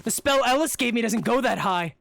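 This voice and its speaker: A man playing through a live roleplay game, excitable, talking to himself and cheering with yelps. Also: very high-pitched, brisk, gravelly, noisy background. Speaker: roleplay player. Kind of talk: live roleplay gameplay chat.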